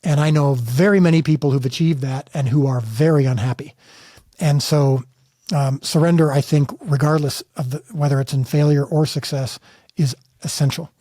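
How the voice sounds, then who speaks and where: Guest filmmaker, middle-aged man from the States, earnest and emphatic, mellow and dry. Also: a little high, normal speed, no room sound. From United States. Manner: earnest, emphatic storytelling with restarts. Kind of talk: candid interview conversation.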